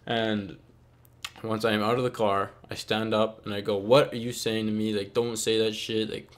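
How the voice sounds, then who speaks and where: A man's voice: lowish voice, level tone, normal speed. Rambling young guy telling a story. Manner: rambling, heavy on "like" and "okay?". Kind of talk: casual story time.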